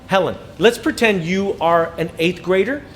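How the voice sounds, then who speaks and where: Animated high-voiced male motivational speaker. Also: normal speed, a little hiss or hum. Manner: animated, acts out students' voices. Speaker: inspirational speaker. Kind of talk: motivational talk to teachers.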